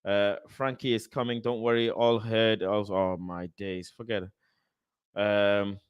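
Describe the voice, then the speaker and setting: A man's voice: lowish voice, a little slow, smooth, no echo, highs cut off. A young man hosting a football fan live stream, reading out viewers' comments in slangy, repetitive, swearing-laced chat. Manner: animated, swears freely, repeats phrases, London slang. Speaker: fan channel host.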